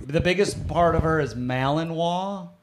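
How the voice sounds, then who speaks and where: Wry, joking podcast co-host. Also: male voice, a little high, unhurried, slight background noise. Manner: brief, wry reactions and joking questions. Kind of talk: casual chat.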